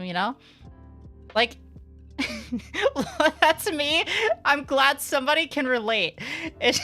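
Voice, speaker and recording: A woman's voice: mid-range voice, fairly bright tone. A young woman streamer chatting casually with her live audience, candid and sarcastic, swearing freely and rambling with lots of fillers. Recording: faint music behind.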